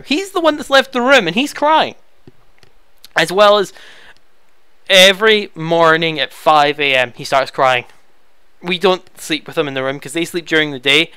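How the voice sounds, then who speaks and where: Speaking into a headset from his home room, this young Let's Player answers viewer questions casually, chatty and easily flustered. His voice is fairly high, bright, clean and smooth, and the recording is close and dry with no room sound or echo.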